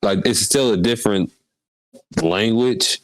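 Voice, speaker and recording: A man's voice: on the low side, a little slow, dry recording, rough recording. A man in casual podcast chat, hesitant and thinking aloud as he answers. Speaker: podcast co-host.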